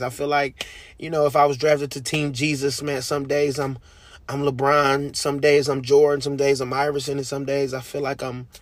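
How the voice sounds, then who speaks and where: A man hosting a podcast, talking about his faith in a heartfelt, animated way, using slang and laughing often. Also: medium pitch. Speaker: podcast host. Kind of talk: casual faith talk.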